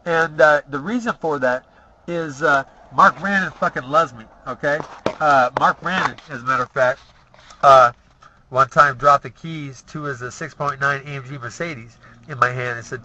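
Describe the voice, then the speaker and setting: Brash, profane man with a sharp voice. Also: medium pitch, moderate pace. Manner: profane, boastful, tags lines with "okay?". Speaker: storyteller. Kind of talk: rambling personal stories. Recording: dull lo-fi recording.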